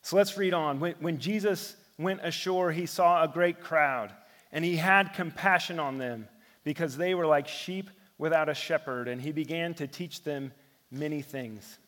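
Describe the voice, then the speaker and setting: A man in his thirties preaching a sermon, telling everyday stories and often dropping to a hushed voice for effect. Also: a little high, moderate pace, in a large hall. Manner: storytelling preacher who drops to a hush for effect. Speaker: pastor.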